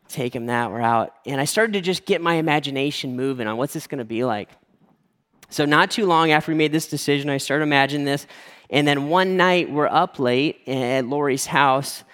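Animated storytelling man in a big hall. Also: medium pitch. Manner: animated storytelling, acting out quoted voices. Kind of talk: sermon story. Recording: long hall reverb.

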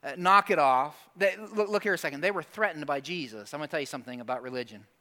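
A man preaching a sermon in a church, animated, acting out voices of the crowd and dropping to hushed, serious asides. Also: fairly high pitch, racing. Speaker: pastor.

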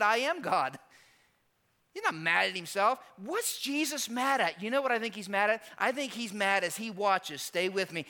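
A man preaching a sermon as pastor, asking rhetorical questions, swinging between hushed and emphatic delivery. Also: sits high. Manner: dynamic preaching with rhetorical questions and dramatic pauses.

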